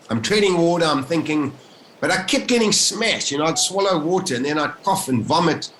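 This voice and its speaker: South African male guest; lively first-person retelling, recorded in an echoey room. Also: a little high, brisk. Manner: animated, vivid retelling with acted-out inner thoughts. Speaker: interview guest. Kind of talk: emotional first-person storytelling.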